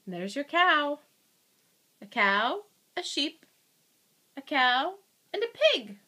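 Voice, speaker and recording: A woman's voice: high voice, sing-song, slow, pushed and bright. A young woman talking baby talk to her infant in a sing-song, cooing way, asking simple questions. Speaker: parent filming her baby.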